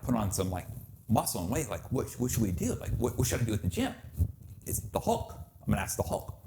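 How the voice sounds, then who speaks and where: Animated man telling stories on a podcast. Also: on the low side, creaky, a little hiss or hum. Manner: animated storyteller acting out quotes, swears freely. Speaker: podcast host. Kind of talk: casual chat, storytelling.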